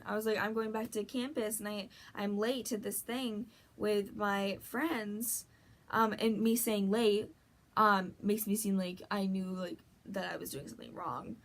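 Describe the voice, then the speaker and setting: A woman's voice: mid-range voice, fairly even intonation, a little slow, fairly bright tone. A young adult woman vlogger telling a story in a casual, rambling way, packed with fillers and breathless retellings.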